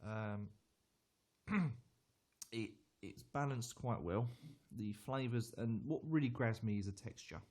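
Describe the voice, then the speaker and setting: A man's voice: medium pitch, darkish tone. A man reviewing a beer on a live stream, chatty and hesitant, often repeating words as he answers viewers.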